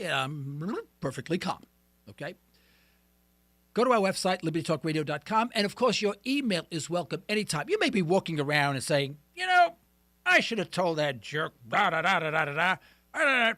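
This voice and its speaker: A man's voice: fairly high pitch, a bit bright, no room sound. A man hosting a call-in talk radio show, ranting and joking with sound effects.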